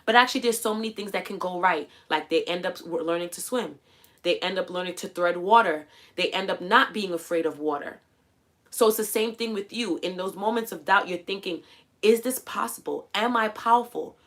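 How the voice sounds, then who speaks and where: A woman hosting a livestream, coaching viewers in a casual, animated way and acting out quoted voices as she goes. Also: on the low side, brisk. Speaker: livestream host. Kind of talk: casual motivational livestream talk.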